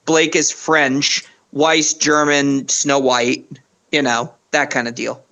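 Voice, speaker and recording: A man's voice: medium pitch, level tone, takes it slowly, gravelly, pushed and bright. A man chatting on a livestream, thoughtful and a bit hesitant with fillers. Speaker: voice actor on the team. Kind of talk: casual livestream chat.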